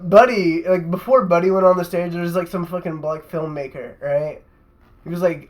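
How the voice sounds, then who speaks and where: A man's voice: fairly high pitch, steady tone, moderate pace, low-quality recording. A young man, a podcast host, telling a rambling, profane story in casual chat and tacking "right?" onto his sentences.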